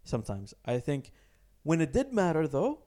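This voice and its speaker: A man's voice: a little high, huge pitch swings, moderate pace, warm tone. A man in casual, bantering sports chat on a podcast, laughing often and putting on mock voices. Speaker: podcast co-host.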